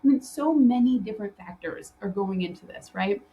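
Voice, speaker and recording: A woman's voice: medium pitch, expressive, a little fast, lo-fi sound, slight background noise. Chatty woman hosting a solo podcast. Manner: chatty, loose, with frequent fillers and restarts; laughs often while telling stories. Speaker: podcast host and interior design business coach.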